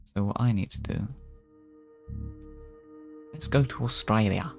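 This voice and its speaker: Low gravelly-voiced man streaming a game. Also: normal speed, long pauses, faint music behind. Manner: rambling, stumbling restarts. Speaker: VTuber streamer. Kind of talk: casual gameplay commentary in character.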